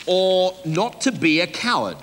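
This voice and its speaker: A man's voice: sits high, big pitch swings, a little slow, a bit bright, full character voice. An actor playing a pushy, glib theatre producer who talks in a coaxing, salesman-like patter in a live comedy sketch. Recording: live stage audio with hall reverb and noise.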